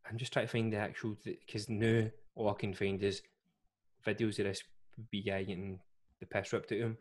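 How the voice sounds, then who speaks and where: Rambling Scottish man, low voice. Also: level tone, brisk. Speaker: podcast co-host. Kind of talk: casual chat.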